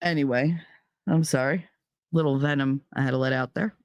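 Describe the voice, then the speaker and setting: A woman's voice: very deep voice, fairly even intonation, normal speed, dry recording. Profane woman telling a heated story. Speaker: podcast host. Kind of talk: storytelling monologue.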